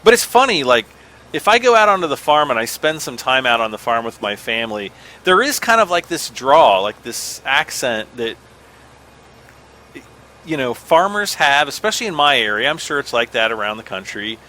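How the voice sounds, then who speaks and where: Lively, bright-voiced man rambling over gameplay. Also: mid-range voice, normal speed. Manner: rambling, self-deprecating, chuckles often. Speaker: gaming channel host. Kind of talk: casual gameplay commentary.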